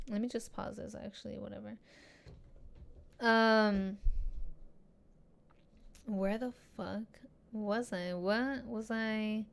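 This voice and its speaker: A young woman talking straight into her podcast mic with a smooth, clear voice. She is casual and slangy, swears freely and keeps the talk animated, at a middle pitch. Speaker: podcast host. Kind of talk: casual solo podcast monologue.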